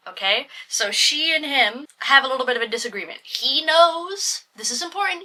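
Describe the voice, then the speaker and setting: Young woman, book reviewer, bright and sharp tone, fairly high voice, exasperated rant, curses often. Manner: exasperated, swearing, lots of "like".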